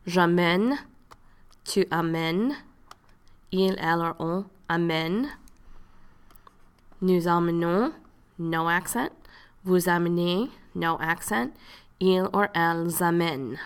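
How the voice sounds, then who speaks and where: Female teacher, patient explainer, lowish voice with a gravelly fry. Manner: patient, explains step by step, models pronunciation slowly. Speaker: French teacher. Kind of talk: classroom lesson narration.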